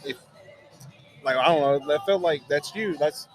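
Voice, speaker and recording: A man's voice: a little high, normal speed. A man co-hosting a podcast, speaking in a loose, conversational way. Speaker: podcast co-host.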